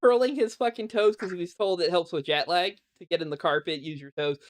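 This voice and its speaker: A man's voice: sits high, a little fast. A man hosting a casual podcast chat, rambling and sarcastic, swearing often. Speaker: podcast host.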